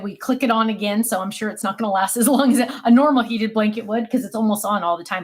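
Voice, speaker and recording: Talking fast with few pauses, the craft channel host chats casually on her livestream from a home office. This middle-aged woman reads viewer comments, rambles with plenty of ums, and sings out to her dogs in a high, lilting voice.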